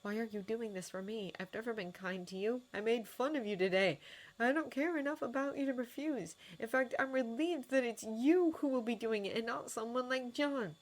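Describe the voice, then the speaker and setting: A woman voicing a frightened teenage boy wizard who speaks in a hushed, trembling way. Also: fairly high pitch, normal speed, pitched above the performer's own voice, lightly acted. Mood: distraught.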